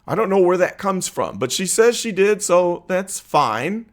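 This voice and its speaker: A man hosting his own political commentary vlog, talking earnestly and conversationally with frequent uh and um pauses. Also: high voice, big pitch swings. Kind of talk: opinion vlog monologue.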